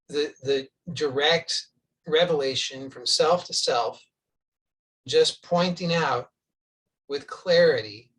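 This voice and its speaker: A man's voice: on the high side, a bit bright, recorded from a distance, poor audio. A man giving a spoken spiritual teaching, earnest and insistent, repeating points for emphasis.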